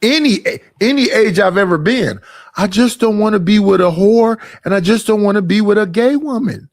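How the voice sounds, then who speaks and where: A man's voice: high-pitched, expressive, moderate pace, no room sound, clean studio sound. A man streaming reaction commentary in a blunt, profane, ranting manner, with speech.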